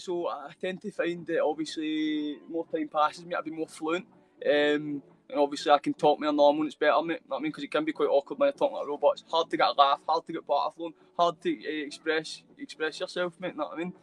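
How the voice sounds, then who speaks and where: A man's voice: fairly high pitch, steady tone, a little fast. A young Glaswegian man in casual chat on a video call, rambling and filling every phrase with mate and bro. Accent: Glaswegian Scottish. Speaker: guest. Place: shared hostel dorm room.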